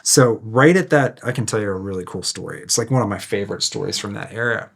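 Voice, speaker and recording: A ghost tour guide and ghost hunter, appearing as a guest, tells a story in a casual chat. His voice is lowish and gravelly, and he talks at a quick pace, loose and rambling with plenty of fillers.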